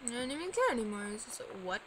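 A woman with a high voice plays through a game and talks to herself the whole way. She swings between tired murmurs and sudden loud yelps. Game noise stays clearly audible behind her. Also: sing-song, racing. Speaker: let's player. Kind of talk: gaming commentary. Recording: gameplay with clear background noise.

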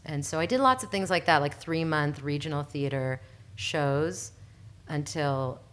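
A woman guest telling stories in a casual chat, animated, laughing often and acting out the people she quotes. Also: deep voice, measured pace. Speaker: podcast guest, performer.

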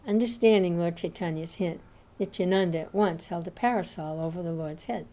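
A woman reading a devotional scripture aloud in a measured, reverent narration. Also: fairly low pitch, mellow. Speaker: reader.

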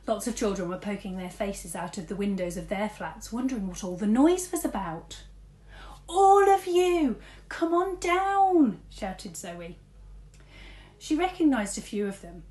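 A woman teacher reading a storybook aloud, lively, switching between big shouts and soft whispers for the characters. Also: mid-range voice, moderate pace, reverberant.

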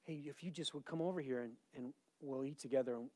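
A man doing a soft, easygoing, unbothered God. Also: mid-range voice, quick pace, dry recording, voice pushed down, natural voice. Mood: calm. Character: calm relaxed God, soothing male voice.

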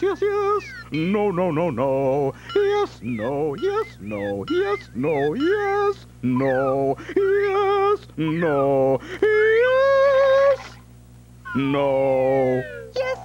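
A man's voice: high voice, muffled recording, full character voice. A man voicing a cheerful, giggly cartoon face that hosts a children's channel in a sing-song way. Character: cheerful cartoon face host, male, playful. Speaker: channel host. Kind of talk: children's TV presenting.

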